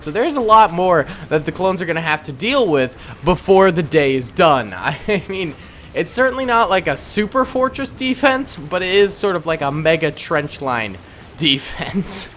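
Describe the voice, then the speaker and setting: Casting: young male gaming host, chatty and upbeat, slightly high voice, faint background hiss. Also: fairly bright tone. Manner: upbeat, chatty, chuckles often. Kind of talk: casual gameplay commentary.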